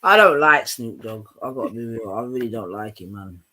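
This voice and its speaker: Animated man hosting a live stream. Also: medium pitch, brisk. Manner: animated, loose, reads articles aloud with asides. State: sore throat. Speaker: livestream host. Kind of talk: casual live-stream chat.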